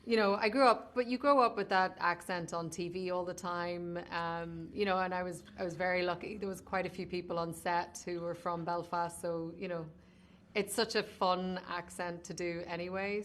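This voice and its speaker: Chatty Irish woman, lowish voice. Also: steady tone, moderate pace. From Ireland. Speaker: actress guest. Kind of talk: casual interview.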